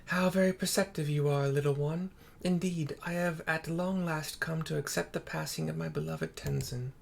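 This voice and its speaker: A man's voice: on the high side, fairly even intonation, gravelly, a little hiss or hum, pitched above the performer's own voice. A man voicing an ancient female phoenix spirit, speaking solemnly about a lost love. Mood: composed. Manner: solemn, measured storytelling.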